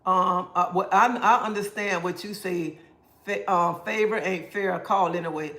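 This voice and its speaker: A man's voice: high-pitched, fairly even intonation, a little slow, pushed and bright. A man hosting a casual livestream, answering viewer comments and giving preachy life advice. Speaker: livestream host. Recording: roomy echo.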